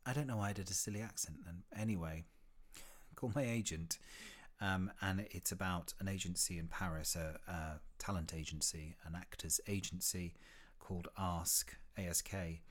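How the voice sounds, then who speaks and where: Very low-voiced chatty man. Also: fairly even intonation, moderate pace. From United Kingdom. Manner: rambling and chatty, with frequent fillers and restarts. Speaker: podcast host. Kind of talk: casual solo podcast recommendations.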